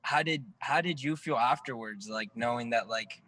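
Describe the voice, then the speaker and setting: A man's voice: medium pitch, moderate pace, bright, forceful tone. Laid-back young man on a call. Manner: laid-back, filler-heavy, enthusiastic. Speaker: guest on a video call. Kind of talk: casual chat. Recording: distant video-call audio with faint noise.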